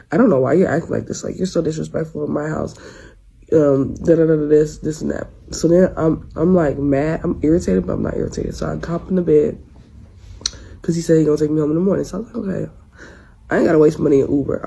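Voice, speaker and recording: A woman's voice: sits low, creaky, dark tone, husky, low-quality recording. A young woman in her twenties telling a rambling story in casual slang, restarting her sentences often. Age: 20s. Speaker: storyteller in a clip.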